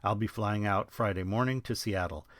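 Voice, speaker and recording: A man voicing a gruff, wisecracking older army sergeant who talks bluntly and with authority. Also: on the low side, moderate pace, no echo, lightly acted. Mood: gruff commanding.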